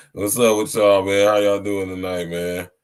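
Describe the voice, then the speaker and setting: Deep-voiced man preaching on a podcast. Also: smooth. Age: 30s. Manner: preachy, repeats "you hear me" and "man". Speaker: podcast host. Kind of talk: casual live-stream monologue.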